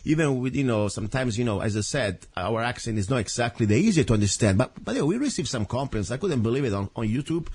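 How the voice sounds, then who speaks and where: Italian accent guy hosting talk radio, husky voice, rambles and corrects himself a lot. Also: mid-range voice, animated, quick pace, hardly any pauses, darkish tone. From Italy. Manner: earnest, rambling, with self-corrections. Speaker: radio host.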